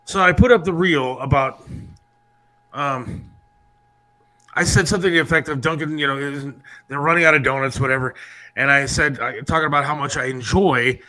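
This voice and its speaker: A middle-aged man hosting a podcast, telling rambling, animated stories in casual chat. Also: on the high side, moderate pace, low-quality recording. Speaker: podcast host.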